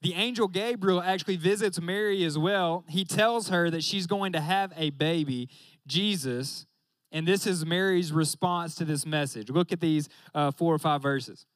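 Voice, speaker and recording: A young man gives a casual, joking sermon in a high, light voice. He keeps turning to his listeners and talking straight at them. The sound is close and dry, with no room echo. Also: moderate pace. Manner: joking, talks straight to the audience with "y'all".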